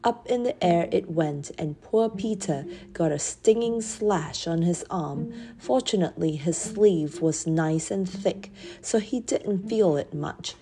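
A woman storyteller reading a children's book aloud in clear, measured narration. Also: lowish voice, dark tone.

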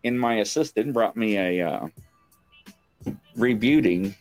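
A man with a mid-range, sing-song voice at normal speed hosts a live online talk show from his home stream set. Over soft background music, he chats casually in a rambling, joking, self-mocking style.

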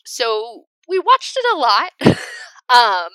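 Bright, upbeat woman chatting. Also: a little high, takes it slowly, clear, resonant tone, dry recording, low-quality recording. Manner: animated, laughs often. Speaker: podcast co-host. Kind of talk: casual chat.

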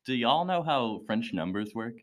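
A man's voice: mid-range voice, sing-song, normal speed, fairly bright tone. A man in a casual chat who explains things step by step, checking in with "right?" often. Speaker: co-host. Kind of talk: casual classroom podcast chat.

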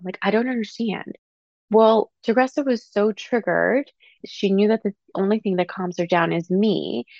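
A woman's voice: fairly low pitch, dry recording, lo-fi sound. A woman hosting a podcast, telling a personal story in casual, chatty speech full of "like" and the odd swear word. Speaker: podcast host.

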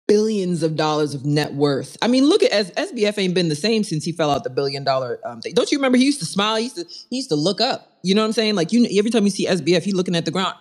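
A host of a live audio chat show, joking in casual slang, laughing often and teasing the guests. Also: medium pitch. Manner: playfully teasing.

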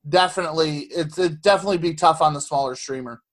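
High-pitched guy rambling on a podcast, swears a lot, keeps restarting sentences. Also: fast. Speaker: podcast co-host. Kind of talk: casual chat.

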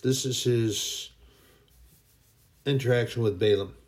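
A man's voice: medium pitch, fairly even intonation, slow, darkish tone. A man preaching an informal sermon in a folksy, emphatic way, now and then mocking people in a put-on voice.

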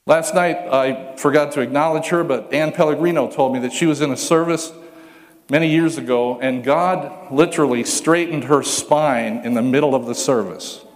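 A pastor preaching a sermon, telling stories with humor and acting out the voices of the people in them. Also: male voice, fairly high pitch, normal speed, in a large hall. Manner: animated storytelling, acts out voices with humor.

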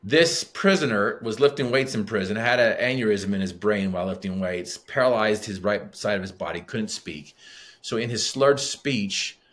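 This middle-aged man, a guest on a podcast, speaks at a fairly low pitch with a slightly bright tone. He tells a personal story conversationally and vividly, acting out the dialogue he quotes.

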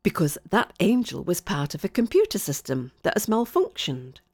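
A woman voicing a calm, wry woman scientist who speaks in a measured, faintly teasing way. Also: medium pitch, no room sound, clean studio sound. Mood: matter-of-fact.

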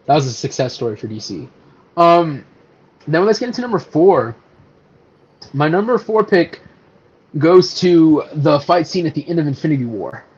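A man co-hosting a casual podcast, chatting about movies in a loose, animated way. He laughs easily and swears offhand. The audio is a bit dull and lo-fi. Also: on the high side, normal speed, pauses often, slightly rough. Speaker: podcast co-host. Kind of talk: casual podcast chat about superhero films.

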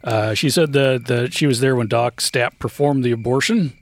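A man co-hosting a podcast, retelling a history in a halting way with many fillers and quick yeps. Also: medium pitch. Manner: halting, full of uh and yep. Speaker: podcast co-host. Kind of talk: casual chat, retelling a history.

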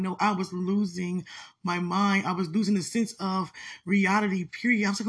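Husky, gravelly woman telling her story. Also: medium pitch, fairly even intonation. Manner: emotional, halting, fills pauses with "you know". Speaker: interviewee sharing her story. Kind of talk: personal testimony.

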